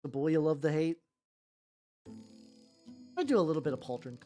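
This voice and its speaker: Painting miniatures on stream, a young woman chats casually in a deep voice with big swings in pitch, speaking at a normal speed. Her livestream talk rambles along, full of fillers and offhand curse words, over soft background music.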